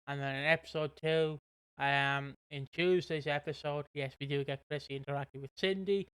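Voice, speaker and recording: A British man in casual podcast chat, rambling through a soap recap with plenty of swearing. His voice sits a little high and comes across smooth and clear. The sound is dry and close. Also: steady tone, normal speed, fairly bright tone, no echo. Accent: British English. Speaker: podcast co-host.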